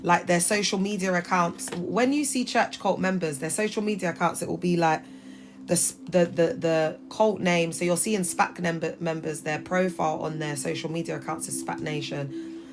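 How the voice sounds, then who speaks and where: A woman's voice: on the low side, steady tone, moderate pace, faint music behind. A woman in her thirties hosting a casual livestream from her phone, talking emphatically and addressing viewers directly. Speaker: livestream host.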